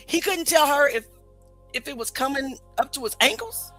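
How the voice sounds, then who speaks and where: A woman's voice: sits high, expressive, normal speed, a bit bright, soft background music, poor audio. A woman hosting a casual commentary stream, questioning what she hears and asking viewers what they think. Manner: skeptical, rhetorical questions to viewers. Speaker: commentary show host.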